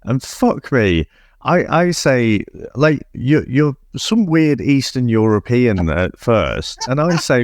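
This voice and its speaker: Brief: male podcast host, mid-pitched, very animated delivery, dry close recording. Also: slow, dry recording. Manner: lively, teasing, reads a plot summary. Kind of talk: casual film review chat.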